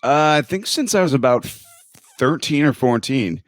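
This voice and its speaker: A man co-hosting a podcast, telling stories in a relaxed, casual way and swearing freely. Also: medium pitch, normal speed, no echo, studio quality. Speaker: podcast co-host. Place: podcast studio.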